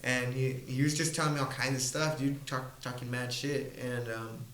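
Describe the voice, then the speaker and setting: A man's voice: mid-range voice, moderate pace, roomy sound, rough recording. A young man, a mixed martial arts fighter, telling a profane street-fight story on a casual podcast. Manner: animated, profane, laughing storyteller. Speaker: MMA fighter guest.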